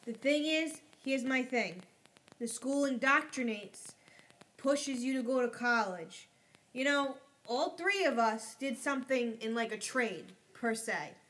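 A woman co-hosting a casual podcast chat, ranting in a crude, profane, animated way. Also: sits high, unhurried.

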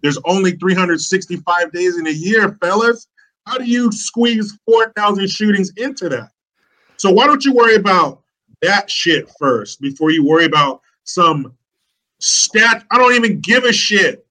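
Man, podcast guest, swearing and mocking, bright voice. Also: high voice, animated, measured pace, rough recording. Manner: profane, ranting, mocking. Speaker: podcast guest, online commentator. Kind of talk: casual podcast chat.

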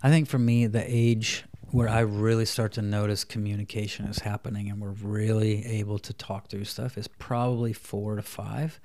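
A man in his thirties, a parenting coach, chatting in an interview and softly acting out talks between parents and children. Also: fairly low pitch, flat delivery, normal speed, few pauses. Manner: acts out parent and child dialogue in a soft voice. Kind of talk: casual interview chat.

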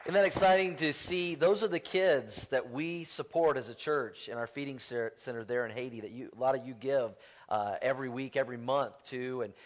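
A man preaching a sermon in a church, telling stories in a relaxed, conversational way with playful humor. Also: mid-range voice, fairly quick, some chatter behind, a little hiss or hum. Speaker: pastor. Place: church sanctuary.

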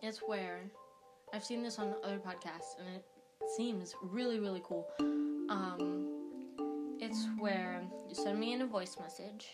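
A woman's voice: medium pitch, fairly even intonation, unhurried, over loud music. A woman who hosts a podcast, chatting casually and a bit hesitantly before reading a book aloud, sometimes restarting lines. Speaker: audiobook reader and podcast host. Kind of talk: casual podcast intro, then read-aloud narration.

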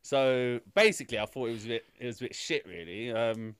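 A man's voice: mid-range voice, fairly quick, fairly bright tone, clear, resonant tone, dry recording. A man reviewing a film on a casual podcast, rambling, swearing freely and ranting in exasperation.

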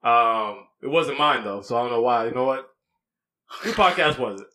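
A man's voice: mid-range voice, expressive, normal speed, sharp tone. A man hosting a podcast in casual chat, laid-back and teasing, talking into a studio mic. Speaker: podcast host.

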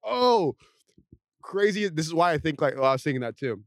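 A young man in casual chat, telling rambling stories and slipping into quick impressions. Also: mid-range voice, dry recording, clean studio sound.

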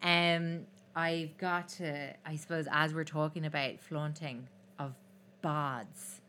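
A woman's voice: deep voice, fairly even intonation, takes it slowly, bright, forceful tone, slight background noise. A young woman co-hosting a podcast, chatting in a wry, gossipy way. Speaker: podcast co-host. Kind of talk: casual chat.

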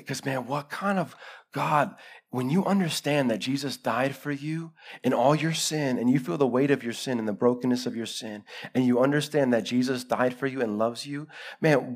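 A man preaching a live sermon in a church, swinging between loud urgency and hushed gravity. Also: mid-range voice, husky. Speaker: pastor.

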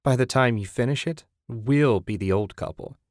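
A man's voice: mid-range voice, normal speed, no room sound, studio quality, lightly acted. A man reading the part of a married woman in an audiobook, giving her a sarcastic, needling edge. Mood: gentle. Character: wry, teasing married woman.

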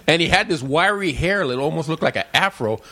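A man from Los Angeles sits in as a podcast guest and tells neighborhood stories in easy, casual chat. His pitch rises and falls a lot as he acts out the people in each tale. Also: fairly quick. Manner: animated storyteller who acts out childhood voices.

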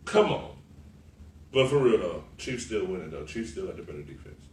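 A man co-hosting a podcast, talking football in a loose, animated, profane way and laughing often. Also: low-pitched, moderate pace. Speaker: podcast co-host. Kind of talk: casual sports chat. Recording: roomy, far from the mic, faint noise.

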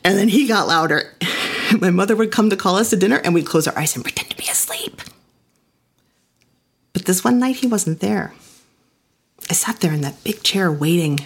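A woman's voice: on the low side, moderate pace, pauses often, breathy edge. A woman giving a reflective first-person storytelling performance with an intimate, personal delivery.

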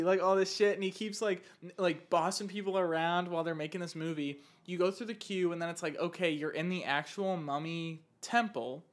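Podcast co-host, woman, casual storyteller, lively and loose. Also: lowish voice, moderate pace. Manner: animated storytelling, laughing, swearing. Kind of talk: casual chat.

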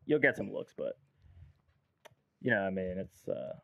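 A man's voice: deep voice, sing-song, normal speed, gravelly, fairly bright tone, no room sound. A man from the United States rambles through stories in casual podcast talk, leaning on "like" and dropping swear words. His voice comes through a muffled, lo-fi channel with no room sound at all. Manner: loose storytelling, heavy filler "like", swears casually. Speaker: guest producer. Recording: dull lo-fi dry sound.

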